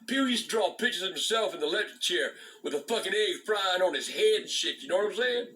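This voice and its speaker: An older man with a high, sharp voice spins a rambling, foul-mouthed tale. He restarts phrases again and again and curses in almost every sentence. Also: expressive, fast, poor audio. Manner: swears constantly, repeats and restarts words. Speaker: storyteller, channel host. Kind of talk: profane rambling storytelling.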